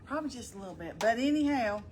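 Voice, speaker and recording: A woman's voice: a little high, lively intonation, quick pace, a little mellow, slight background noise. A middle-aged woman chatting casually on a live stream, folksy and talkative, greeting viewers by name as she goes.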